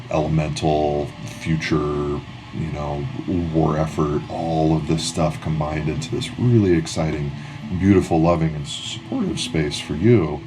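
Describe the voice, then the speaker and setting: Very deep-voiced man narrating as game master. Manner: rambling with many restarts and fillers.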